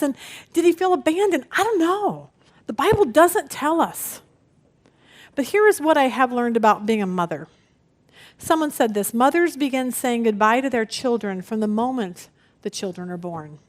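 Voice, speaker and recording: Woman, middle-aged, high-pitched, Bible study teacher, expressive storyteller. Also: moderate pace. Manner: expressive storytelling, acts out family voices.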